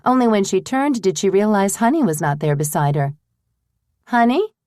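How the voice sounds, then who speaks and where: A woman narrating an audiobook in a measured, even way. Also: medium pitch, no room sound, studio quality.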